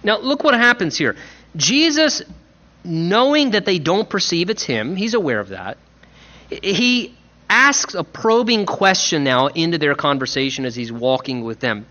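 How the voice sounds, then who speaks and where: A man's voice: high-pitched, unhurried. A man, a pastor, preaching a sermon and acting out the people in the story in his own voice. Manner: animated, acts out biblical voices in his own voice. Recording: lo-fi dull sound.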